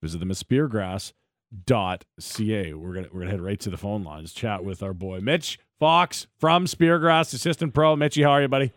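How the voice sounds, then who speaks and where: A man's voice: lowish voice, animated, normal speed, fairly bright tone, no room sound. A man co-hosting a sports radio show in a mid-range voice, chatty and enthusiastic. He hands off to callers, and the studio sound is dry. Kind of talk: casual sports radio banter.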